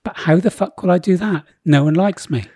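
A man's voice: sits high, a little fast, warm tone, breathy edge, no room sound, studio quality, voice pushed up. A man doing a whiny, clueless prince. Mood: excitable. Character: awkward, clueless young male prince, childishly eager.

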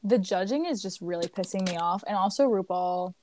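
A woman's voice: mid-range voice, brisk, a little hiss or hum. Laughing young woman on a video call. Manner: animated, laughs often, swears. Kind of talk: casual chat, quiz game.

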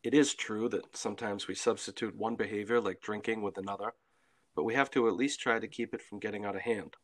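Steady-voiced man co-hosting a sobriety podcast. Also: on the low side, brisk. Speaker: podcast co-host. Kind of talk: scripted podcast talk.

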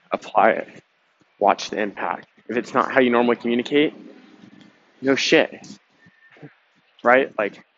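A man's voice: medium pitch, fairly bright tone. A young man hosting a podcast, talking in a casual, emphatic, motivational way with some swearing. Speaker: podcast host. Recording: dull lo-fi sound with faint noise.

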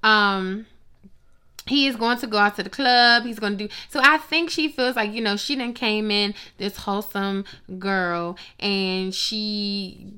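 A woman giving blunt, profane, sassy commentary on reality TV gossip, with animated asides. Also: medium pitch, a little slow, clear, resonant tone. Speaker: gossip vlogger.

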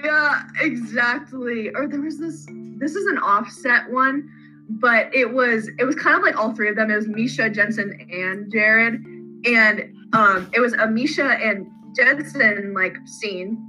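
Woman, casual podcast co-host, rambling animated retelling, bright tone, faint music behind. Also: on the high side, measured pace, poor audio. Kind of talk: casual fan chat.

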